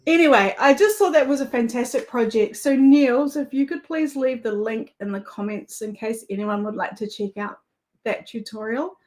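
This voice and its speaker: This is a woman with a New Zealand accent hosting a live crafting stream, her voice a little high and her speed normal. She laughs easily and talks casually with viewers as she makes things.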